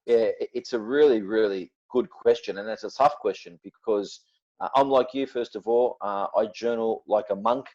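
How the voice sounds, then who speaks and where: A man speaking as a podcast guest, blunt and forceful, cursing freely as he makes his points. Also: fairly low pitch, normal speed, lo-fi sound. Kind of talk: passionate podcast talk.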